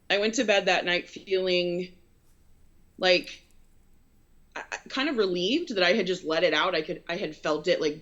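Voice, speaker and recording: A woman's voice: medium pitch, fairly bright tone. A woman who owns a photography business, telling her story in a casual interview in an earnest, rambling way with many fillers. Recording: dull lo-fi recording.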